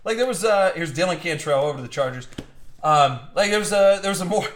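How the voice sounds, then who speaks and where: A young man hosting a live card break talks fast in a high, expressive voice. His casual stream chat rambles from story to story, with many restarts.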